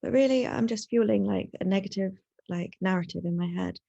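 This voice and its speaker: A woman's voice: medium pitch, brisk, gravelly, warm tone, no room sound, lo-fi sound. A woman, a single mother, speaking candidly in casual chat, with lots of likes and you knows. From England. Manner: candid, filler-heavy, says like and you know.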